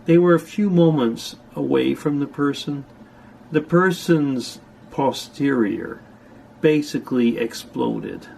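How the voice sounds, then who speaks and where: Gravelly older man chatting at home. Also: medium pitch, slow pace, darkish tone. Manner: rambling, chatty, with dry asides. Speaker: vlogger. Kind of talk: casual chat to camera. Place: upstairs room at home. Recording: faint scanner hum behind. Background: slide scanner noise.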